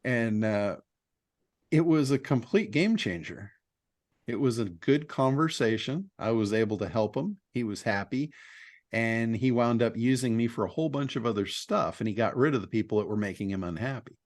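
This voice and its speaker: A man's voice: medium pitch, animated, normal speed, dry recording, clean studio sound. A man hosting a business group call, chatting casually, bluntly giving advice, laughing often, with mild swearing. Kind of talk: casual chat, telling stories and giving advice.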